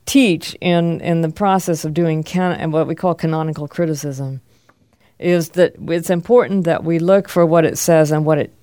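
A man's voice: on the high side, darkish tone, smooth, no room sound, clean studio sound. A man teaching a class, reading scripture aloud and asking his students questions in a conversational way.

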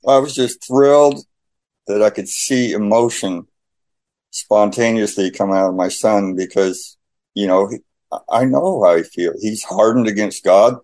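A man with a voice on the low side tells his personal faith testimony in conversation without hurrying. He keeps it animated, acting out the dialogue.

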